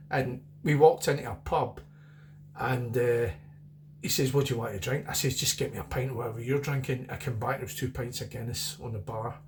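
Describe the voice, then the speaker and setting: A man's voice: mid-range voice, a little hiss or hum. A middle-aged Scottish man chatting casually through a beer review, rambling and repeating himself.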